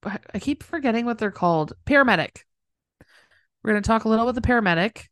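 A woman's voice: a little high, animated, quick pace, no echo, clean studio sound. A woman co-hosting a casual podcast, easygoing and joking while recapping a TV episode. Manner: easygoing, laughs often, dad jokes. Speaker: podcast co-host.

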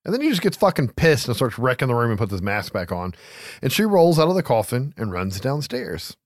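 A man's voice: mid-range voice, a little fast, no room sound, studio quality. A man casually recapping a film plot, swearing freely and laughing as he tells it. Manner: profane, animated storytelling with laughs. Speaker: podcast host recapping a film. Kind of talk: casual chat.

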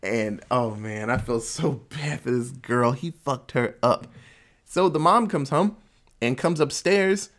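A man casually retelling a horror film plot, cursing freely, dropping in asides and quick impressions of the characters. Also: medium pitch, a bit bright. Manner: crude, profanity-laced storytelling with quick asides. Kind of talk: casual movie recap.

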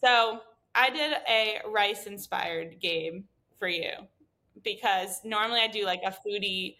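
Bright upbeat woman podcast host. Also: mid-range voice. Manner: upbeat, giggly, quick. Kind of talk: casual interview chat.

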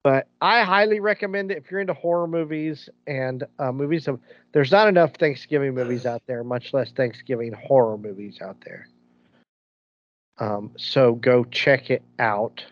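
A man's voice: mid-range voice, moderate pace, no room sound, dull audio. A man co-hosting a podcast, rambling through movie recaps in casual chat and laughing as he goes. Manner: rambling, restarts, laughs while telling stories. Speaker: podcast co-host.

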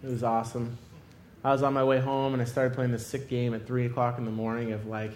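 A man's voice: medium pitch, flat delivery, fast talker, darkish tone, roomy sound. A young man preaching, telling a funny personal story with lots of laughter before turning it to a lesson. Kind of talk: sermon with comic personal story.

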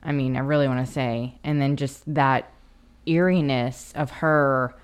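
Low-voiced woman co-hosting a podcast. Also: steady tone, unhurried, smooth. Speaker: podcast co-host. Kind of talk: casual chat.

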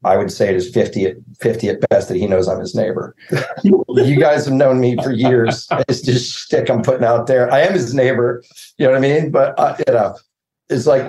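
A man's voice: medium pitch, darkish tone, reverberant, low-quality recording. A man on a video call interview, telling rambling joking stories about making his show. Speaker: series co-creator.

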